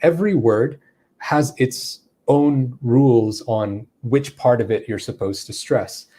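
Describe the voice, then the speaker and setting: A man coaching English who reads viewer questions aloud, repeats them, then answers in a relaxed way. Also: mid-range voice, takes it slowly. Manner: relaxed, with frequent fillers and restarts. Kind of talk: live Q&A.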